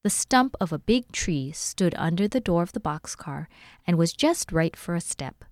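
Woman reading a storybook aloud, low-voiced. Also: animated, moderate pace, dry recording, studio quality. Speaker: library volunteer reading aloud.

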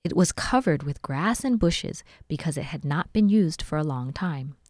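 A woman with a lowish voice reads a children's story aloud, clear and expressive. The recording is close and dry, with no echo at all. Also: normal speed. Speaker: library volunteer reading aloud.

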